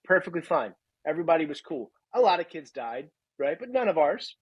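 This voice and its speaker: Podcast co-host, male, 30s, husky tone, dry close sound, ranting casual delivery. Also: a little high, sing-song, brisk, no room sound, dull audio. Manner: ranting, laughs at his own jokes. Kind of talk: casual chat.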